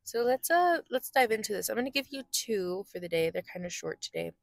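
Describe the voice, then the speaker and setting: A woman's voice: medium pitch, big pitch swings, brisk, gravelly, no echo, studio quality. A woman co-hosting a podcast in casual chat, giggly and playful. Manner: giggly, playful, slips into silly accents. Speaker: podcast co-host.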